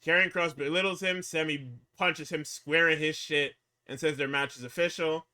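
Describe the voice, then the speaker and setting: A man co-hosting a casual, profane talk show, recapping wrestling and swinging between hyped outbursts and low muttering. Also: steady tone, moderate pace, sharp tone. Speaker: podcast co-host recapping wrestling.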